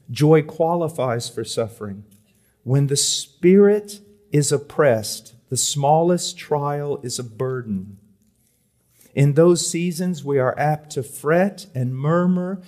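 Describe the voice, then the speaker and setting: A middle-aged preacher delivering a sermon at a conference. His voice sits a bit high for a man, and he swings between loud, emphatic reading and soft, hushed pleading. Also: slow pace. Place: conference hall.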